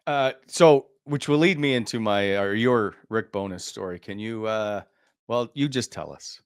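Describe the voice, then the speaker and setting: A man co-hosting an interview, asking questions in a relaxed way. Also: fairly low pitch, a little slow, clean tone, dry recording, studio quality. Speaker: co-host.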